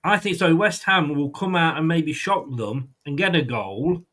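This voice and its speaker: A man's voice: on the high side, animated, moderate pace, a bit bright. A man hosting a football prediction show, chatting casually and rambling with frequent ums and restarts. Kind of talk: casual chat.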